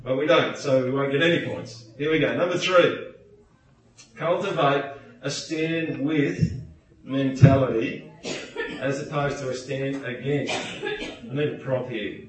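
A man preaching a sermon in a church, animated and playful, acting out quotes in put-on voices. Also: mid-range voice, unhurried, slight background noise. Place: church hall. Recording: echoey hall, distant mic.

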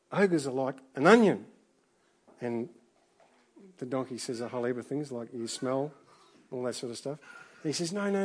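A middle-aged man preaching a sermon in a relaxed, conversational way, full of restarts and asides. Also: mid-range voice. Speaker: pastor.

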